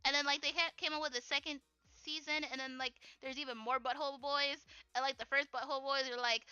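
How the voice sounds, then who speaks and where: A young adult woman chatting casually while she draws on a live stream, rambling in an animated way with lots of fillers and giggles. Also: sits high, fast talker, hardly any pauses, no echo, lo-fi sound. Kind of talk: casual chat while drawing.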